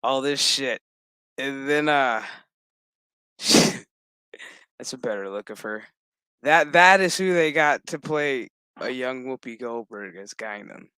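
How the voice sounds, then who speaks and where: Slow, bright-voiced man recapping a show. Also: mid-range voice, expressive, clear, resonant tone, no echo. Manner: profane, laughing, loose storytelling. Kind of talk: casual episode recap commentary.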